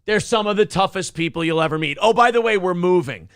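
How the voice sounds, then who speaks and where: A man co-hosting a talk stream, ranting loudly with heavy swearing and sarcasm. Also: sits high, animated, quick pace, smooth, no room sound, studio quality. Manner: loud, sarcastic, swearing, jumps into mocking put-on voices. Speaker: co-host. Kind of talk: profane rant on a morning talk stream.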